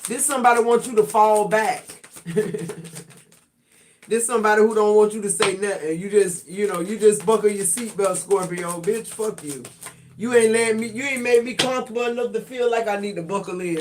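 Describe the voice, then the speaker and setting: High-voiced blunt streaming tarot reader. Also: male voice, fairly even intonation, a little fast, a little hiss or hum. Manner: blunt, profane, streetwise banter. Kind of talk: casual livestream tarot reading.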